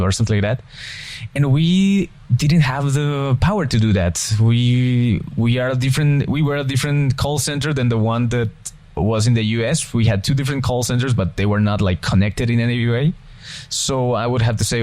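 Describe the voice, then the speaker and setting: This is a young man with a foreign accent chatting over a game at a medium pitch. He rambles, restarts his sentences and wanders off on tangents, with the loose feel of a relaxed gaming video. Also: normal speed. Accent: non-native English, foreign accent. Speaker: gaming channel co-host. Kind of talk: casual gameplay commentary.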